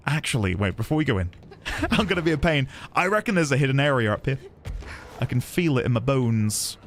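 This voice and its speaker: A British man chatting as he streams a game, reading in-game documents aloud in a lively way. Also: medium pitch, a little fast, slight background noise. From Britain. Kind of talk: casual game-stream chat.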